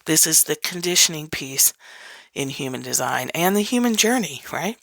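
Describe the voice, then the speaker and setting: Low-voiced woman, candid and laughing. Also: animated, moderate pace, gravelly, a bit bright, no room sound. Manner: candid, laughs often, swears casually. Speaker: podcast host. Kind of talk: casual spoken teaching.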